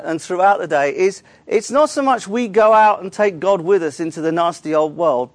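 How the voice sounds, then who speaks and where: An earnest male pastor delivers a sermon in a church, his voice sitting a little higher than most men's. He works through scripture aloud, often restarting phrases mid-thought. The recording is close and dry, with little room sound. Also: dry recording.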